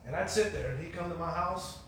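High-voiced man preaching in an echoey hall. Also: fairly quick, a bit bright. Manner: emphatic, repetitive preaching cadence. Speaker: preacher giving his testimony. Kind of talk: sermon testimony. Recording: echoey hall from far off, faint hiss.

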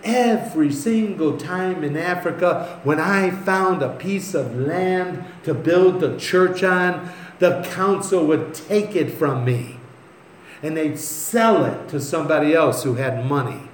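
A man's voice: a little high, slow, slight background noise. A man preaching a sermon, reading scripture aloud and then telling stories in a loose, conversational way. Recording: echoey room with faint ambience.

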